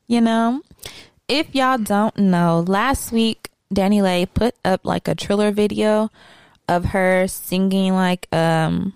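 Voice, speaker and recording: A woman with a smooth, resonant, mid-pitched voice chats casually as a podcast co-host. She tells stories with lively asides and mimics the people she talks about. The recording is close and dry. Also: takes it slowly, no echo. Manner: animated storytelling, mock-sings and acts out quotes. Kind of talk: casual chat.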